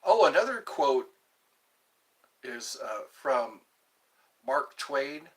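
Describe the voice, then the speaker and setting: A man's voice: medium pitch, very animated, very slow, slightly rough, rough recording. A man in his fifties hosting a live stream, reading viewer comments aloud and answering them in a playful, jokey way. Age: 50s. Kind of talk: casual live-stream chat.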